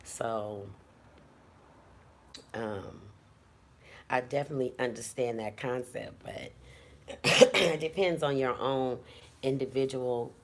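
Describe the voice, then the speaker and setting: A woman's voice: rumbling low, slow pace, long pauses. A woman in her fifties chatting casually at home, blunt and profane as she rambles. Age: 50s. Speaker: vlogger. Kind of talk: casual chat. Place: at home indoors.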